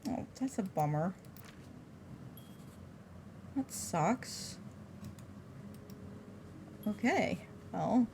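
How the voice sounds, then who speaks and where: A woman's voice: mid-range voice, very slow, vocal fry, pauses often, slight background noise. A woman streaming a game, chatting casually and reacting with wisecracks. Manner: expressive, wisecracking, reads aloud. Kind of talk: casual live gameplay commentary.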